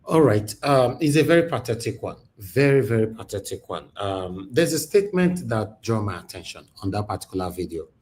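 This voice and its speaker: A man hosting a live stream discussion, speaking hesitantly with many pauses. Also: fairly low pitch, big pitch swings, darkish tone.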